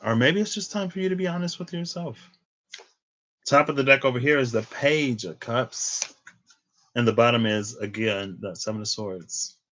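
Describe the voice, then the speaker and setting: A man's voice: mid-range voice, moderate pace, fairly bright tone, rough recording. A man in his twenties giving a casual tarot reading, chatty and rambling off into tangents. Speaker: tarot reader.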